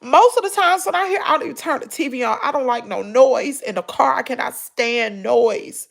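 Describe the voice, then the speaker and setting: A middle-aged woman with a Southern US accent speaks in a high, gravelly voice. She talks through tears in a personal vlog, with sighs between her words. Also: moderate pace. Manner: tearful, sighing, breaking into crying. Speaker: vlogger. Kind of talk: emotional personal vlog talk.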